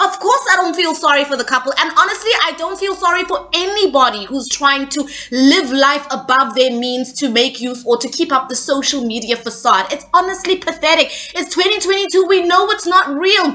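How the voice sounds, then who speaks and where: A woman's voice: high-pitched, pushed and bright. A young woman, not an English speaker, giving opinionated, sassy celebrity gossip commentary and often checking in with "okay?". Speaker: gossip news vlogger.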